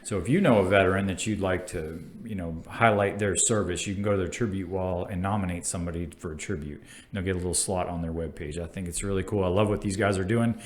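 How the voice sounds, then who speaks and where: A man's voice: sits low, steady tone, fast, hardly any pauses. A man co-hosting a casual chat, recommending a brewery with enthusiasm. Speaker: co-host.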